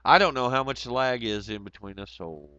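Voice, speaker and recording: A man's voice: medium pitch, expressive, normal speed, pushed and bright, clean tone, no room sound. A man hosting a casual livestream, reading chat comments aloud and rambling in a profane, sarcastic way. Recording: dull lo-fi audio.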